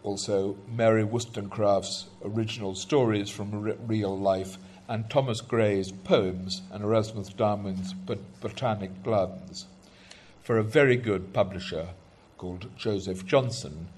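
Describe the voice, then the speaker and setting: A man's voice: fairly low pitch, normal speed, darkish tone, slight background noise. A man talking through historical background before poems are read, with frequent ums and restarts. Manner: hesitant, many ums and restarts. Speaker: speaker introducing poems. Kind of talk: conversational talk.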